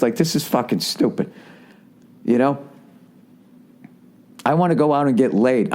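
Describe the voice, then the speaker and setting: A man's voice: mid-range voice, darkish tone. A man telling stories in a casual podcast monologue, rambling and swearing constantly, often checking in with "right?" as he goes. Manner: rambling, profane storytelling with frequent swearing and "right?" asides. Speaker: comedian hosting his podcast.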